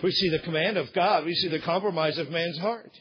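A male pastor preaches in an emphatic style, climbing to shouted points and then dropping low. His voice sits high and sounds husky. The recording is dull and lo-fi. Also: a little fast. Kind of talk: sermon.

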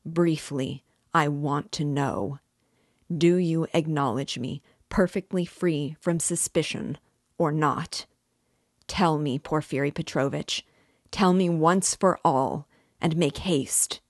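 A proud young man boils over with fury and demands to be left alone, as a woman reads him aloud. The delivery is low and unhurried, even in anger. The sound is dry and close. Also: husky, no room sound, full character voice. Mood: imperious. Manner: defiant, demanding outbursts. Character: furious, haughty young male suspect. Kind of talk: audiobook reading.

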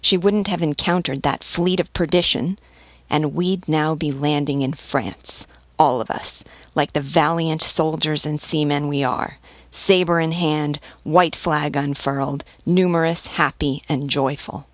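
A woman gives voice to an aging nobleman in a spoken novel. He is serene and commanding, pressing his point in a calm, measured way. The voice sits low and sounds close and dry. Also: no echo. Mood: persuasive. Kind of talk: audiobook reading.

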